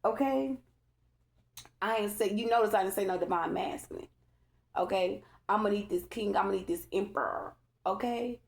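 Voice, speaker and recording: In a creaky mid-range voice at a moderate pace, this woman reads tarot casually for her viewers, keeping it spiritual but chatty. She stresses her points, says things more than once, talks loosely, and keeps turning to the audience with "okay?"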